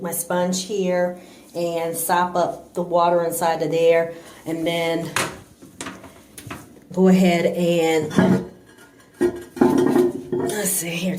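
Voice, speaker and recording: A DIY home improvement vlogger with a slightly mellow, low-leaning voice narrates a repair job in a small bathroom, with a little background noise. She talks casually as she works, rambling and full of fillers and restarts.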